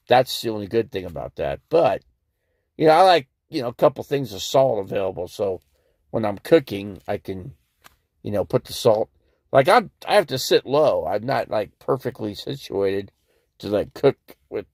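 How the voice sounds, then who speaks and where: Brief: male RV livestreamer, rambling casual storyteller, gravelly voice, dry close sound. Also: medium pitch, no room sound. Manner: rambling, animated retelling with many "you know"s. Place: inside an RV. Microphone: streaming from a phone or camera.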